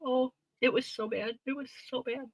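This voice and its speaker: A woman's voice: sits high, normal speed, no room sound, poor audio. A middle-aged woman hosting a casual chat, telling a story with lots of laughter and free swearing. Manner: animated, laughing often, swearing freely. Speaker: host.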